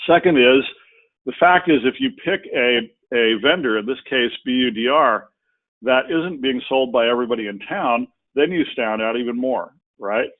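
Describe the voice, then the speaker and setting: A man's voice: mid-range voice, normal speed. Folksy man presenting over tinny audio. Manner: conversational, folksy asides. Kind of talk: business webinar talk.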